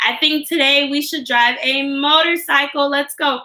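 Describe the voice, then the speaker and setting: A woman teaching young children over a livestream, playful and sing-song, acting out each word of an alphabet warm-up. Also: sits high, normal speed. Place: home livestream.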